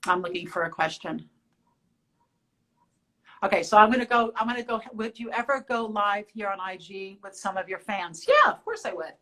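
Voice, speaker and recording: A woman's voice: medium pitch, big pitch swings, normal speed, sharp tone, low-quality recording. A woman in her forties, hosting a casual live question-and-answer with fans, telling personal stories in a chatty way with many restarts. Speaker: show host.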